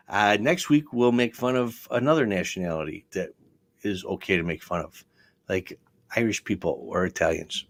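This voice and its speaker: A man's voice: lowish voice, fairly bright tone, dry recording. A man hosting a casual comedy podcast, dry and joking in a laid-back way. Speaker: podcast host.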